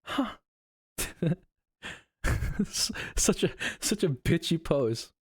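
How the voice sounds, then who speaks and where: Vtuber chatting on stream, voice all over the place, kinda slow, laughs and swears a ton. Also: mid-range voice, sing-song, breathy edge, dry recording, clean studio sound. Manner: giggly, swears often, reacts out loud. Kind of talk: casual live-stream chat.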